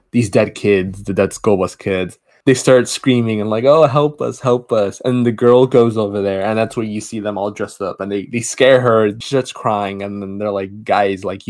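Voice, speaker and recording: A man's voice: on the low side, darkish tone. A man co-hosting a podcast, casually retelling a horror film's plot with many restarts and asides. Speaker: podcast co-host. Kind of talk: casual movie review chat.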